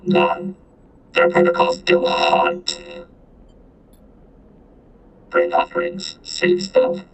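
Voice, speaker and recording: An ancient sentient vending machine speaks in a deep, synthesized, multitonal voice full of gravel. Its clipped, broken phrases come slowly and swing between extremes of pitch. Faint music plays behind it. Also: male voice, wildly swooping pitch, slight background noise, full character voice. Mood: ominous.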